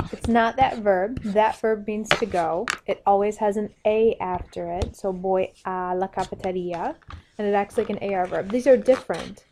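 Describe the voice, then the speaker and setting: A woman's voice: mid-range voice, a little mellow. A woman with a mid-range voice teaches a recorded grammar lesson, explaining each step patiently and spelling out the endings one letter at a time. Pen clicks and writing sounds run under a noisy, hissy track. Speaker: Spanish teacher.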